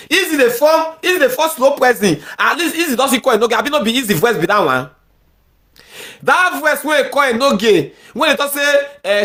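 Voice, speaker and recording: A woman's voice: a little high, a bit bright. A woman with a Nigerian accent ranting angrily in heated social media commentary. She repeats herself often and mixes pidgin with English.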